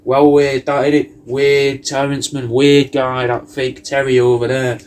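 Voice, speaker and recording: A man's voice: medium pitch, level tone, a little slow, darkish tone. A man, hosting a comedy cameo and riffing in a meandering, sweary monologue. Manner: meandering, sweary, riffing loosely with lots of "mate". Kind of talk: rambling comic monologue.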